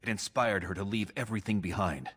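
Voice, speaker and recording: A low-pitched American voice for a scheming dwarf prince in a video game. He speaks in a measured and persuasive way. A long reverb trails his lines. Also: fairly bright tone, breathy edge. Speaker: game character.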